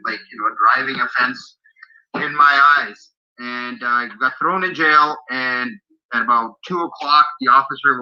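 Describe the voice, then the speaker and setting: A man telling his own story in casual chat, animated and blunt, swearing freely. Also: mid-range voice. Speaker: guest recounting a personal story. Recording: dull lo-fi audio.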